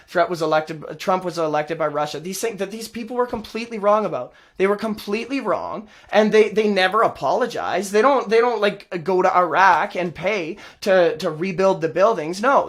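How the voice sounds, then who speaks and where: A man hosts his own show and rants at length, his voice sitting high for a man. He swings between sarcasm and mockery as he gets more and more worked up. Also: fairly bright tone. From Canada. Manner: sarcastic, heated, mocking. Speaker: host. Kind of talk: ranting political commentary.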